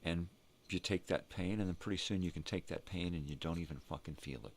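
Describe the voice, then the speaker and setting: An older man hosting a rambling morning vlog, talking to himself and cursing freely as he thinks out loud. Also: low voice, brisk. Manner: rambling, profane, talks to himself. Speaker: vlog host.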